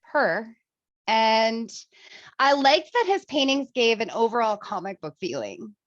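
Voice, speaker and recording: Woman, casual movie chat, lively swooping pitch, dry muffled sound. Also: unhurried, no room sound. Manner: animated, laughing, swearing casually. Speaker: co-host reviewing a movie.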